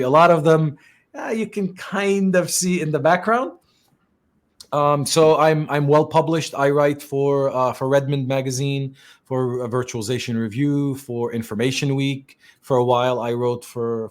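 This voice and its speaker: A middle-aged man from Lebanon, hosting a podcast and chatting in an easygoing way, with lots of fillers and restarts. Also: medium pitch. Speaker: podcast host and tech consultant. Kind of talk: casual podcast chat.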